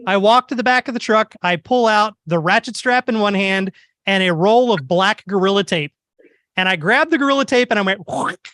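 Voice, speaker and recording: A beekeeper speaking at a club meeting, telling a story in an animated, wry way. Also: male voice, high-pitched, brisk, dry recording. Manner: animated, wry anecdotal delivery. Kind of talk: humorous storytelling talk.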